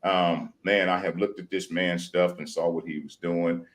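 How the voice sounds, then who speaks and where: A man's voice: sits low, fairly even intonation. Hyped-up man hosting live. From Louisiana. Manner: hyped chanting intro, drawn-out shouting; folksy casual talk with country slang. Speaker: podcast host. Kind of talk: live stream talk show.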